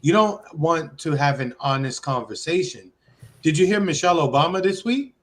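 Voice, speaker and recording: A man hosting a casual podcast chat, relaxed and quick with short replies. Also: fairly high pitch. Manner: relaxed, brief back-channel replies. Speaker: podcast host.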